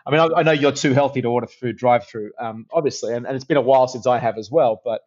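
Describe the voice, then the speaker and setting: Chatty Australian man, animated storyteller. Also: medium pitch, quick pace, lo-fi sound. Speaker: guest, actor and presenter. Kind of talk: casual podcast interview.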